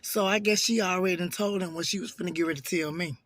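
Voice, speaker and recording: Hoarse man, high voice, casual storytime vlogger, chatty and animated. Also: fast, no room sound. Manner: chatty, animated, addresses viewers as y'all. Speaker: vlogger telling a work story.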